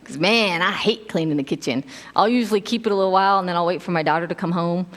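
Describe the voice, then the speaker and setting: A middle-aged woman giving a casual sermon, telling stories in an animated way and acting out quotes with laughs. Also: fairly low pitch, quick pace. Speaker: preacher. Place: church sanctuary. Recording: long hall reverb.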